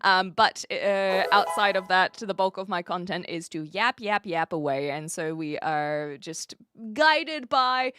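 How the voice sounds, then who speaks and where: A woman's voice: mid-range voice, lively intonation, measured pace, a bit bright, clean tone, no room sound. A woman from New Zealand with a mixed New Zealand, Australian and American accent, chatting casually and giggly as a live streamer with lots of fillers. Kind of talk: casual chat.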